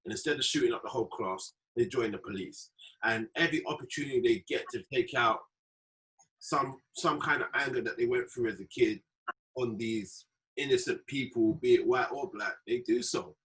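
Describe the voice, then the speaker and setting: A man's voice: medium pitch, normal speed, fairly bright tone, rough recording. A man, co-hosting a podcast and talking earnestly in a casual chat, often ending lines with "bro". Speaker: podcast co-host.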